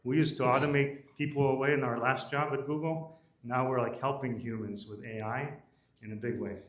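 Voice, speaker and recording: Founder pitching in a roomy hall. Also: male voice, steady tone. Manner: brisk, matter-of-fact, frequent "uh" fillers. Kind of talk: live startup pitch. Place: event room at a pitch night. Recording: roomy audio from a distance.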